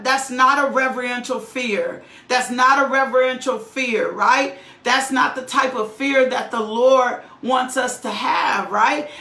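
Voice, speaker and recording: A woman's voice: high voice, sharp tone, reverberant. A middle-aged woman preaching a sermon with fervor, often repeating lines for emphasis and checking in with "right?".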